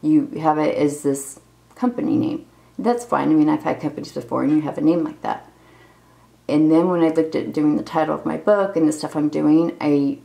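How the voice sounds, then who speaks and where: Woman, 40s, low gravelly voice, candid rambling vlog confessional. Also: warm tone, rough recording. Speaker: vlogger. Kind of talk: unscripted personal video diary.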